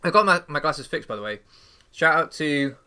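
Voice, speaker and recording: A man's voice: fairly high pitch, animated, moderate pace, pushed and bright, clean tone, soft background music. A young English man hosting a game channel, rambling in casual chat, swearing freely, stumbling over and repeating his words. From England. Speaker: channel host and league player.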